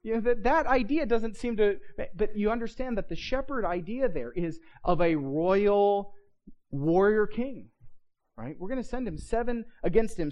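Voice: mid-range voice, darkish tone. A Bible teacher giving a conversational lesson, often checking in with listeners and reading scripture aloud with stress on key words. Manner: checks in with listeners, asking "right?"; frequent restarts and filler words.

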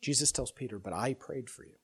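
Speaking fairly quickly in a husky voice, this man preaches an expository sermon with real earnestness. He often restarts and repeats himself, and his voice rises in volume and pitch as he stresses a point.

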